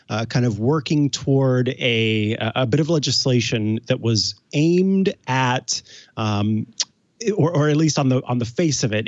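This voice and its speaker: A man's voice: mid-range voice, no room sound, lo-fi sound. A man co-hosting a tech news show, chatting playfully with many fillers and restarts. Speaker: co-host. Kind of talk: casual tech news chat.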